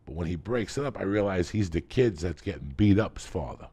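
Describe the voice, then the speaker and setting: A middle-aged man from New Jersey with a gravelly voice, telling a profane, animated story in casual chat and acting out the voices. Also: sits low, brisk. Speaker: podcast host.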